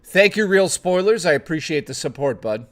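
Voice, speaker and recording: A man's voice: on the high side, expressive, moderate pace, fairly bright tone. A man hosting a casual chat stream, rambling and joking with plenty of swearing, greeting chat readers by name. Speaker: livestream host.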